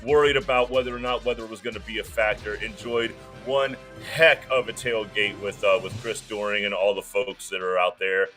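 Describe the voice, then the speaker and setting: A man joins a sports show over a video call and chats excitedly, tripping over repeated words. His voice sits low but has a bright, forceful edge. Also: normal speed, hardly any pauses, soft background music. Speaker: co-host. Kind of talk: casual sports chat.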